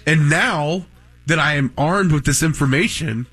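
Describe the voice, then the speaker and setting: A man's voice: fairly high pitch, unhurried, slightly rough. A man in his thirties, co-hosting a talk show, telling a long anecdote in casual chat and acting out what people said. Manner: animated anecdote teller who acts out quotes. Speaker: radio show co-host.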